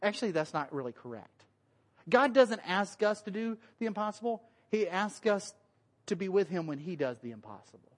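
Joking pastor preaching casually. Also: male voice, high voice, sing-song, normal speed. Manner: conversational, joking, acts out quoted voices. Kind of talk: casual sermon with slides. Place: church.

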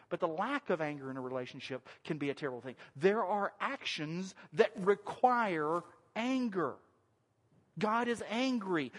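A pastor with a high-sitting voice delivers a sermon in a church sanctuary. He's animated and conversational, joking with the congregation in a lively way. The recording carries the long reverb of a large hall.

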